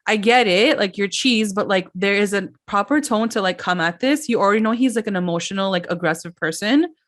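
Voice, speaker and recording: A woman's voice: medium pitch, brisk. Young woman, podcast co-host, casual recap, filler-heavy, acts out quotes. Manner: chatty, retells scenes in quoted voices, many "like" fillers. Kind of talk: casual pop culture recap.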